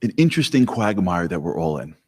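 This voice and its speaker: Animated man speaking in a hall. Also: sits low, fairly quick, husky. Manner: animated, joking storyteller. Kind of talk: live talk to an audience. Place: hall with an audience. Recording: long hall reverb.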